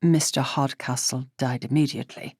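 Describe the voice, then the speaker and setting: A woman voicing a grave, authoritative gentleman who speaks tersely. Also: very deep voice, fairly even intonation, normal speed, breathy edge, no room sound, clean studio sound, voice pushed down, heavily acted.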